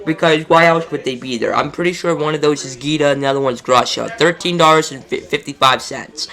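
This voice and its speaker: Male vlogger, fairly high, bright edgy voice, exasperated ranting delivery. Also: brisk. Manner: frustrated, exasperated, profane. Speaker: collectibles YouTuber. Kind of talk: casual ranting commentary.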